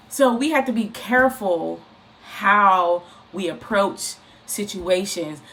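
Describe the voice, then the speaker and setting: A woman giving an informal, encouraging faith talk, speaking in an animated, repetitive, conversational way. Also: fairly low pitch. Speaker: inspirational speaker.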